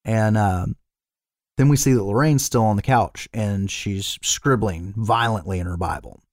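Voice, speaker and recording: A man co-hosting a podcast casually retells a film's plot, rambling with fillers and swearing freely as he recaps it. His voice is on the low side and measured in pace, recorded at studio quality with no room sound.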